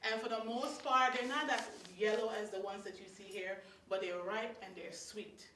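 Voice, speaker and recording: Lively Guyanese woman telling stories. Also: mid-range voice, normal speed, slight background noise. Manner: lively and chatty, laughing between lines, piling up lists. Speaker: storyteller. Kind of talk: live storytelling to an audience. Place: meeting hall of a religious society. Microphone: distant room mic. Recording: echoey hall from far off.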